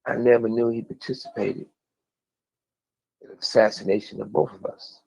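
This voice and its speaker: Gravelly low-voiced man, lo-fi. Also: steady tone, normal speed, dark tone. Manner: rambling, blunt, profane. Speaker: interviewee speaking from prison. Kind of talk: storytelling recollection.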